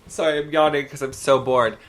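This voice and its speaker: A man co-hosting a podcast in casual chat, telling gossipy stories in an animated way with sudden loud bursts. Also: fairly high pitch, a little fast. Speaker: podcast co-host.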